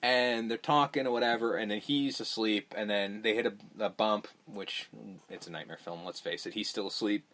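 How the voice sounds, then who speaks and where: A man's voice: lowish voice, fairly even intonation, normal speed, fairly bright tone. Profane, rambling man recapping a movie. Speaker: podcast host. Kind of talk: casual movie recap chat.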